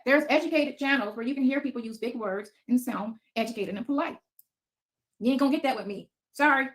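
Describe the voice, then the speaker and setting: A woman in her fifties hosting a casual livestream from her basement, talking bluntly and cursing freely as she answers viewers' comments. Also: high voice. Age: 50s. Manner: blunt, profane, defiant. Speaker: livestream host. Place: home basement.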